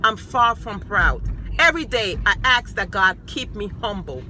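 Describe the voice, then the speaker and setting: A woman's voice: medium pitch, sing-song, moderate pace, pushed and bright, a little hiss or hum. A woman sharing her personal testimony with emphatic, repeated declarations, speaking of her faith and her sons. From New York.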